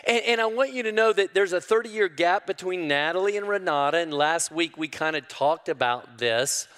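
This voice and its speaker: An older man preaching a sermon, folksy and calling the crowd y'all, rising loudly when he quotes scripture. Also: high voice, moderate pace, smooth. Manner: preaching with sudden loud rises to quoted scripture. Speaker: pastor. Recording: long hall reverb.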